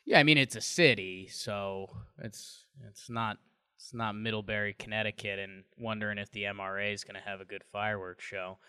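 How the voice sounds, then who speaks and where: A man with a smooth, clean voice chats casually as a podcast co-host. He jokes in a dry, teasing way. The sound is close and dry, with no room around it. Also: on the low side, fairly even intonation, normal speed, bright, forceful tone, dry recording. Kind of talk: casual chat. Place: home.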